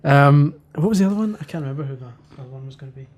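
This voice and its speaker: A man co-hosting a podcast, nerdy and quick to recall old games. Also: fairly high pitch, a little mellow. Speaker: podcast co-host. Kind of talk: casual chat.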